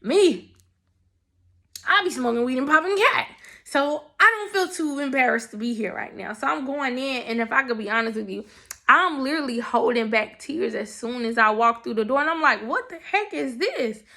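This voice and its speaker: A young woman telling her faith testimony in a casual, animated, emotional way, talking straight to her listeners. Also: a little high, moderate pace. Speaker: person sharing a faith testimony. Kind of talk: casual storytelling.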